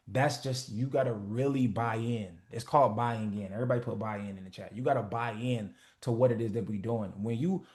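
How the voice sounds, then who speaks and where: A man's voice: mid-range voice, darkish tone. A man hosts a motivation call. He preaches in a blunt, profane way and acts out the people he quotes. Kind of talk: casual motivational talk.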